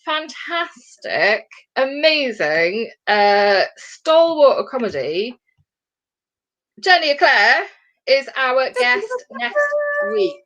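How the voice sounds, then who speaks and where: A woman hosting a comedy chat show, her voice sitting a little high and swinging widely from low grumbles to squeaky peaks. She talks in an animated, chatty way, breaking off into quick impressions. It sounds like a video-call mic. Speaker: co-host of a comedy podcast. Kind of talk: casual chat.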